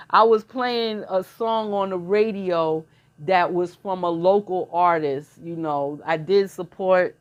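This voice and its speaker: A middle-aged woman telling stories in a blunt, slangy casual monologue, often laughing. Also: on the low side. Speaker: channel host.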